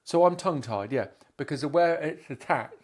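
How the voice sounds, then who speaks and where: Bloke co-hosting a chatty podcast, bit high-voiced, blunt, swears a lot, argues back. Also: male voice, lively intonation, normal speed. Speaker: podcast co-host. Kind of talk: casual chat.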